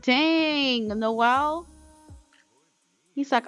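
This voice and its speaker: A woman's voice: medium pitch, animated, takes it slowly. A woman hosting a game let's play, narrating in a chatty, dramatic way straight to her viewers. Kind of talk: casual game commentary. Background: faint music.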